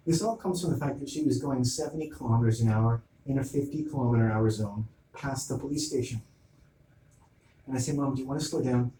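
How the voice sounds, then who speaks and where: A man's voice: medium pitch, a little fast, warm tone. A middle-aged man in an agitated monologue, retelling an argument in quoted back-and-forth. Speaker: vlogger. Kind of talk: ranting monologue. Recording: roomy, distant mic, noisy ambience.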